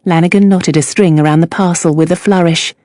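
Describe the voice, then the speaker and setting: A woman reads a novel audiobook aloud in a measured, even voice, delivering scripted narration. Her voice sits on the low side, and the studio recording is clean with no room sound.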